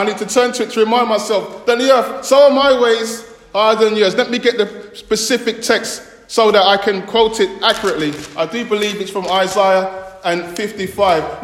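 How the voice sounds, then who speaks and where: Slow, high-voiced male preacher in an echoey hall. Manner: slow, deliberate delivery with emphatic repetition. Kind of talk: sermon. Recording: echoey church hall with long reverb.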